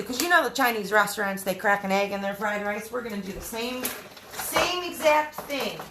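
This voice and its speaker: Woman from Michigan, friendly live-stream cooking host, slightly high voice, roomy kitchen sound. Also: background noise. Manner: chatty, greets viewers by name between recipe steps. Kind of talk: casual live cooking chat. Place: home kitchen.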